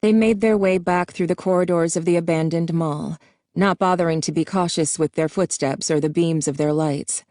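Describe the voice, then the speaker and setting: A woman narrates an audiobook in a steady, even storytelling voice. Her tone is dark and mellow and sits slightly low for a woman. The recording is close and dry. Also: normal speed, no echo.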